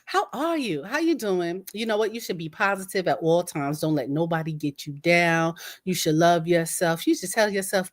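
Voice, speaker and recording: A woman's voice: on the low side, normal speed, no room sound, studio quality. A woman delivering a playful, sassy self-affirmation monologue, repeating short emphatic affirmations.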